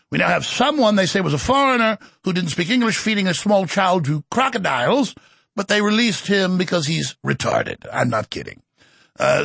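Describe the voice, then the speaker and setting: A man's voice: high voice, creaky, a bit bright, husky, dry recording. A middle-aged man hosting a talk show, delivering a heated, mocking political monologue. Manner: fast, heated, mocking rant.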